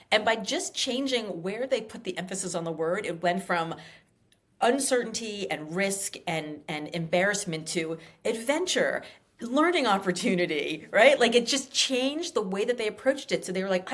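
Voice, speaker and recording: A woman in her fifties talking as an author guest in a casual interview, animated and emphatic, full of fillers and acted-out quotes. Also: medium pitch, moderate pace. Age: 50s.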